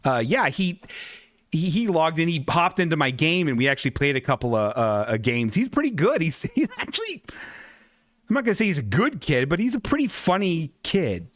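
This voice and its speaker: A man's voice: fairly high pitch, very animated, a little fast, a bit bright, no echo, clean studio sound. Rambling male comedy show host. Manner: rambling, chuckles, restarts.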